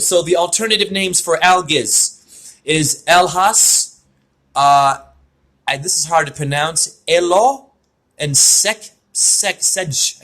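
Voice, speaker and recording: A man's voice: on the high side, a bit bright. A man giving a spiritual name reading over a video call, talking in an effusive, rambling way full of wordplay.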